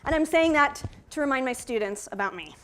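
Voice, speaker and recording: A woman with a high voice gives a lively college lecture. She talks in a chatty, playful way and keeps turning to the audience. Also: brisk, a little hiss or hum. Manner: chatty, playful, addresses the crowd as you guys. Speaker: college instructor giving a panel talk.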